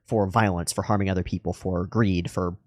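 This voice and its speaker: Low-pitched and steady, this man speaks a little fast in a studio-quality recording with no room sound. He hosts an anime reaction channel, musing earnestly in reflective commentary full of restarts.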